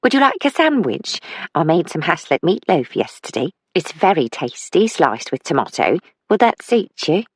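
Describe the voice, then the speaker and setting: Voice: medium pitch, big pitch swings, moderate pace, husky, no room sound. A narrator voicing a chatty woman housekeeper who fusses over her guests in an audiobook. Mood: fussing. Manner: chatty, fussing. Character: fussing woman housekeeper, eager to please. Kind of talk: audiobook character voice.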